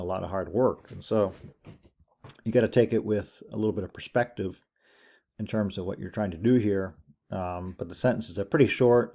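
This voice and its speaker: A man teaching an introductory Latin class in a relaxed, conversational lecture, thinking aloud as he goes. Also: fairly low pitch, vocal fry. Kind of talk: recorded lecture over screen share.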